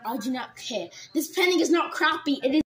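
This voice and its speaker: A woman's voice: high voice, expressive, moderate pace. A woman in an improvised comedy skit, sounding defensive and protesting.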